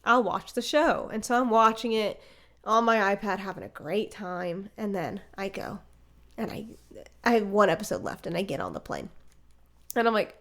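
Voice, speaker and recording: A young woman co-hosting a casual podcast chat, telling stories with lively acted-out reactions. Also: medium pitch, moderate pace. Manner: animated storyteller, acts out her own reactions. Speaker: podcast co-host.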